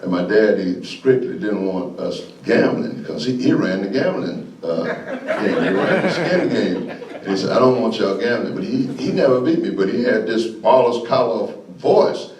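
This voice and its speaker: Older man, guest speaker, folksy animated storyteller, lowish voice, mic far off in a reverberant hall. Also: a little slow. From Florida, USA. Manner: folksy, animated, laughs often. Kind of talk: storytelling speech. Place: meeting hall. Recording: echoey room, voice from afar.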